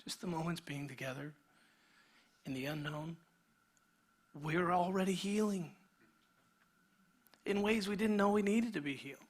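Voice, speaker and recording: A man, a pastor, preaching a sermon in a conversational way, sometimes dropping to a near whisper and sometimes building to an animated retelling. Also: high-pitched, unhurried, long pauses. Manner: shifts between quiet intimate passages and energetic animated retelling; conversational, with restarts and filler words.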